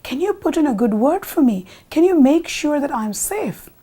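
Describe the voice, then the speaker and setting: A woman's voice: high voice, sing-song, moderate pace, warm tone, pitched above the performer's own voice. A woman voicing a timid, frightened male bull who pleads for help, in a told folk tale. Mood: pleading.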